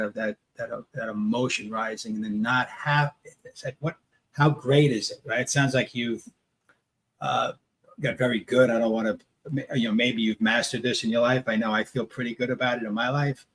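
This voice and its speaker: A man hosting a conversational interview, animated and quick to laugh, sometimes searching for his words. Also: medium pitch, a little hiss or hum. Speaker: host.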